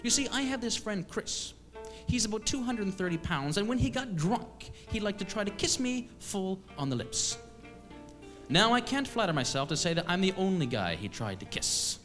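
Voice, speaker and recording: A man from eastern Canada telling a comic story on stage, with a wry, deadpan, self-mocking delivery. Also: high-pitched, normal speed, faint music behind. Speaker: comedian storyteller. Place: stage at a live show.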